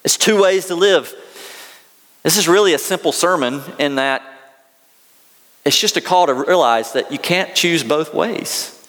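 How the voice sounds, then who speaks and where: Southern pastor preaching in a reverberant hall. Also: male voice, on the high side, a little slow, long pauses, fairly bright tone. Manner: conversational, folksy asides. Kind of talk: sermon.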